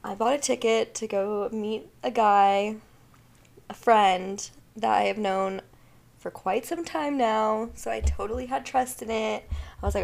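A woman's voice: medium pitch, a little slow, creaky. A young woman hosting a solo podcast, chatting candidly with frequent swearing and laughs. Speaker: podcast host. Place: at home, fireworks outside.

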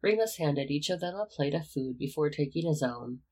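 A narrator reading a fan fiction story aloud in a calm, even manner. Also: medium pitch, normal speed, slightly rough, low-quality recording.

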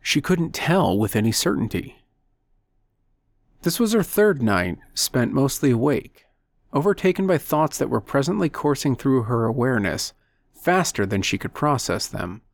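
A man narrating a short story in a measured, steady storytelling manner at a close microphone. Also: medium pitch, no room sound. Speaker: audiobook narrator. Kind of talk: scripted narration.

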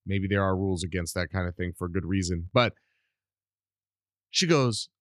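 A middle-aged man hosting a casual solo podcast, rambling and animated while under the weather with a cough. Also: low-pitched, normal speed, no echo, clean studio sound. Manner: rambling, animated, self-deprecating. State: sick with a cough. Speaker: podcast host.

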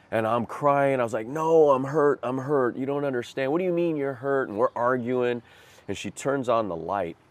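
A man recounting a hard chapter of his life as a personal testimony, earnest and self-deprecating. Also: sits low. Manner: earnest, self-deprecating, vivid retelling with rueful laughs. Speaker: guest sharing his life story.

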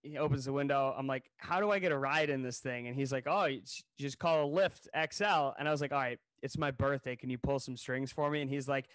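A man co-hosting a podcast, telling a funny story in a casual, animated way and acting out what people said. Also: medium pitch, fairly quick, few pauses, no echo. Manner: animated, jokey storyteller who acts out quotes. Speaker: podcast co-host. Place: New York City.

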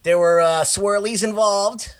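A man's voice: sits high, steady tone, measured pace, voice pushed up. A man voicing an awkward, crude, paranoid basement-dwelling nerd who hates jocks, through a glitchy robotic-sounding feed. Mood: rambling. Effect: robotic glitchy sound that cuts out.

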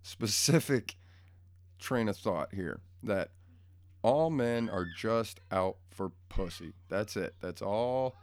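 A man's voice: fairly low pitch, animated, slow pace, slight background noise. A man in a casual, profane rant to his viewers, blunt and crude, rambling and easily pulled off track, recorded at home. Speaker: vlogger. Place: home room.

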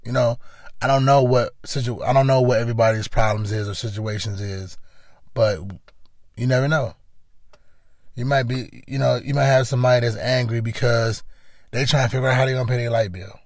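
Gravelly man giving earnest life advice. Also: mid-range voice, fairly even intonation, a little fast, no room sound, studio quality. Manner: earnest, repetitive, conversational. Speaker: podcast host. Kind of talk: motivational monologue.

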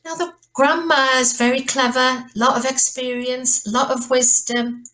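A woman's voice: sits high, flat delivery, unhurried. Chatty middle-aged woman. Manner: chatty, warm-hearted, rambling with restarts and asides. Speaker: podcast host. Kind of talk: casual chat.

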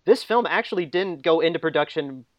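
A man's voice: on the high side, animated, fairly quick, no room sound, dull audio. A man co-hosting a casual film discussion, chatty, laughing often and restarting his sentences. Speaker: podcast co-host.

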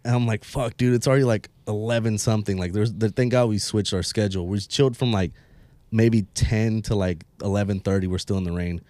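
Low-voiced young man telling a slangy story. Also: fairly even intonation, a little fast, mellow, no room sound. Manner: profane, laid-back storytelling with slang. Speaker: podcast co-host. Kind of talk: casual chat.

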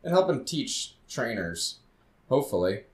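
A man, a fitness trainer co-hosting a podcast, talking in a rambling, laid-back way that drifts quiet. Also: medium pitch, very animated, measured pace, echoey room. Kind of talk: casual chat.

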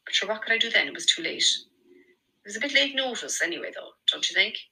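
A woman's voice: mid-range voice, animated, brisk, gravelly, pushed and bright, voice pushed up, full character voice, rough recording. A woman doing a coy, bubbly Irish girlfriend. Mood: chatty.

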